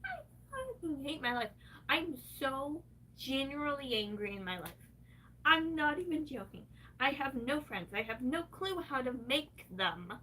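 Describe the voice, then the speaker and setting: A woman's voice: sits high, sing-song, unhurried, bright, forceful tone, distant mic, a little hiss or hum. A woman livestreaming, venting in an angry, profane rant.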